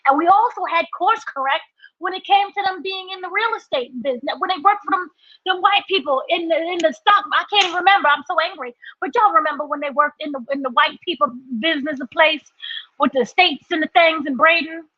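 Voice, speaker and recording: A woman co-hosting a podcast, ranting in an animated, exasperated way about a TV episode and acting out mock quotes. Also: very high voice, a little fast, no room sound. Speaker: podcast co-host reviewing a TV episode. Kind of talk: casual ranting review. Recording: dry, slightly dull podcast audio.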